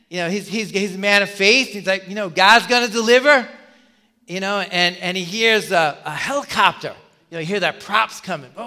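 A male pastor giving a sermon in a conversational, animated way, telling a story with many asides. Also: high-pitched, big-room sound.

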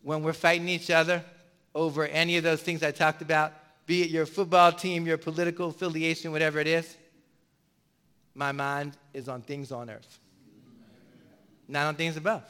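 A man's voice: a little high, level tone, normal speed, pauses often, sharp tone, smooth. A man preaching a sermon to his congregation, emphatic and repetitive, addressing the listeners directly. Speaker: pastor.

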